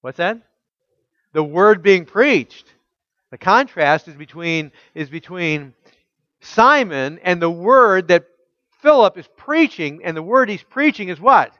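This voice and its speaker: A man preaching a teaching sermon, asking his listeners rhetorical questions and reading scripture aloud slowly with emphasis. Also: high-pitched, sing-song, fairly bright tone, no room sound, highs cut off. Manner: asks the congregation rhetorical questions. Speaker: pastor.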